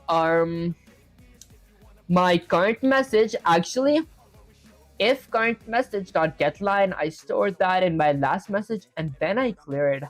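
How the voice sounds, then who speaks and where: A man's voice: high voice, no echo. A young man livestreaming as he codes, thinking aloud and reading out chat to viewers in a casual way. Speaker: livestreaming programmer. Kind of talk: casual live coding chat.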